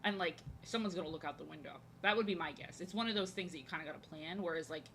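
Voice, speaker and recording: A young woman from New Jersey, a streamer and artist, chats casually while drawing on a live stream, her voice low, fast and fairly bright. She rambles with plenty of fillers and restarts, frank and a bit crude. There's slight background noise.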